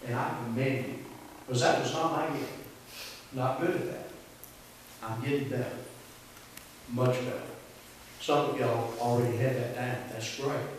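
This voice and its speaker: A man's voice: mid-range voice, fairly even intonation, unhurried, long pauses. A man with a Southern US accent, preaching a sermon in a folksy, conversational way and drawing responses from the congregation. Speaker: pastor. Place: church sanctuary. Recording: echoey church hall from far off, faint hiss.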